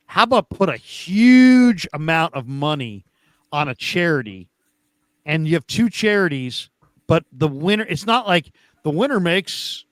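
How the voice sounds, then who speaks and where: A man hosting a casual sports talk show, rambling and animated, often repeating words as he thinks aloud. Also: high-pitched, no echo. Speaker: podcast host.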